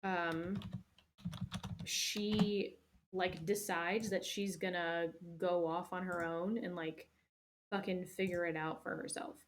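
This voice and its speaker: A woman's voice: fairly low pitch, fairly even intonation, takes it slowly, slight background noise. A young woman hosting, recapping a movie casually in a rambling, profane way full of fillers. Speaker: host.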